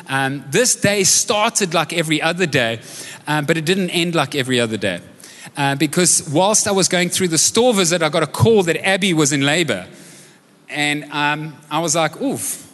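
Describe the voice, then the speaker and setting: High-voiced male preacher in a reverberant hall. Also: normal speed, fairly bright tone. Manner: conversational, jokey, asks the audience questions. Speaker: pastor. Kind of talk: sermon with personal stories. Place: church auditorium, live service. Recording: long hall reverb from a live service.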